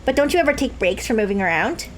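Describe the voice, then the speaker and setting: A woman reading the lines of a gentle young woman in a dating game, a little lower and softer than her own talk. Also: big pitch swings, fast, background noise.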